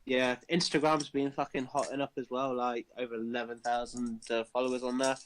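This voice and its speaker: A man's voice: mid-range voice, flat delivery, brisk, a little hiss or hum. A man co-hosting a podcast in casual, sweary chat. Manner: laid-back, swears casually. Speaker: podcast co-host.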